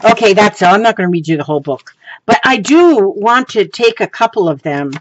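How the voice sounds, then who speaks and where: A woman's voice: mid-range voice, big pitch swings, fairly quick, dull audio, a little hiss or hum. A woman chatting casually as she shows her crafts, rambling with many ums and restarts and breaking into giggles. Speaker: crafting vlogger. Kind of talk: casual show-and-tell chat.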